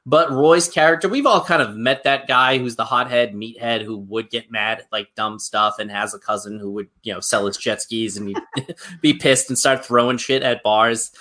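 A man's voice: mid-range voice, normal speed, sharp tone. A man co-hosting a casual podcast chat, talking in a loose rambling way with fillers and restarts. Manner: rambling, with fillers and repeated starts. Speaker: podcast co-host.

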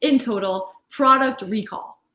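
A woman guest on a podcast, excitedly listing favorite moments from a show. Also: a little high, measured pace. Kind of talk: casual chat about a TV show. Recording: echoey room.

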